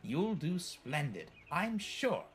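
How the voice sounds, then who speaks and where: A man's voice: fairly high pitch, wildly swooping pitch, measured pace, faint music behind, voice pushed up, exaggerated voice. A man voicing a motherly female railway coach in a storybook, who scolds kindly. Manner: scolding, warm.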